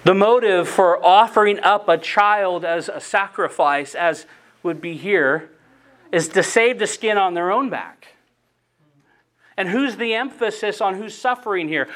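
Man, high-pitched voice, preacher, earnest sermon, scripture reading, emphatic phrasing. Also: unhurried, a bit bright.

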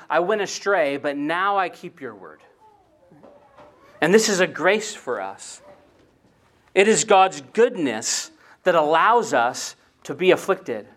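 A man's voice: on the high side, a bit bright. A man preaching a sermon in an earnest way, often repeating words and asking rhetorical questions.

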